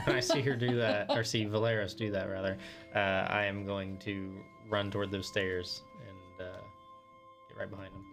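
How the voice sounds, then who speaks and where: A man's voice: fairly low pitch, flat delivery, normal speed, fairly bright tone, soft background music. A man playing in a tabletop game, chatting casually with wry jokes. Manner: joking, wry. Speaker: player. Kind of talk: casual chat.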